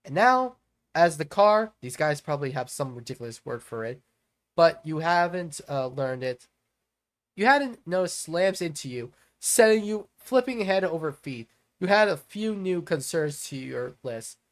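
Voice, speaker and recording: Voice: medium pitch, animated, measured pace. A let's-play host reading a visual novel aloud and chatting about it in a rambling way with lots of fillers and restarts.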